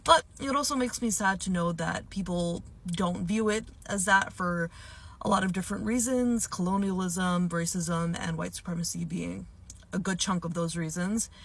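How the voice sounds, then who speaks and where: A woman's voice: lowish voice, normal speed, gravelly, a bit bright. A young woman from India speaking straight to her viewers, earnest and lecturing. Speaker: vlogger. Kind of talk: direct-to-camera commentary.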